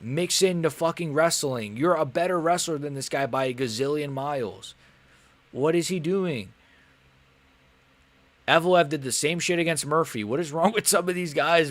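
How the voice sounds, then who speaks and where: A man's voice: mid-range voice, no room sound. Frustrated young male fight streamer. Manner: casual, swearing, animated and frustrated. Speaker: MMA streamer. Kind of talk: live fight commentary stream.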